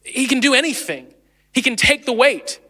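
A man in his late thirties, the lead pastor, preaching a sermon in a chatty, animated way and laughing easily. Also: extremely high pitch, moderate pace, big-room sound. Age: 30s.

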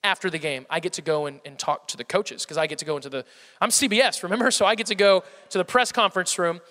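A young man giving a comic storytelling talk to a live audience, animated and self-mocking with playful exaggeration. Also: high-pitched, fast talker. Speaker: speaker addressing a live audience. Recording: long hall reverb.

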